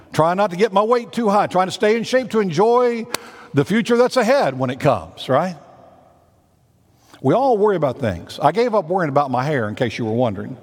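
A man's voice: sits high, long reverb tail. A man, a senior pastor preaching a conversational sermon full of repeated phrases and rhetorical questions.

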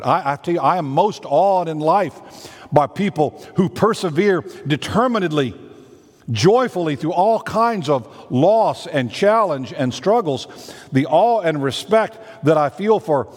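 A man's voice: a little high, very animated, unhurried, husky, long reverb tail. A man, a senior pastor preaching a conversational sermon full of repeated phrases and rhetorical questions.

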